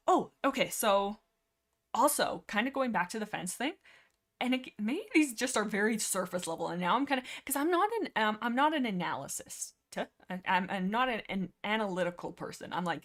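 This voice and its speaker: Rambling, giggly woman with a lowish voice. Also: a little fast. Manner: rambling and excitable, with frequent laughs and fillers. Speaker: livestream host. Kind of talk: casual book chat. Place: room at home. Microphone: desk mic.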